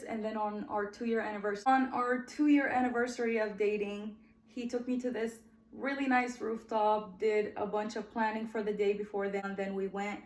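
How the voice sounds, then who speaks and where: A woman in her twenties hosts her own podcast, chatting warmly through her life story and often calling out to "guys," sometimes emotional enough to nearly cry. Her voice is mid-range and the sound is reverberant.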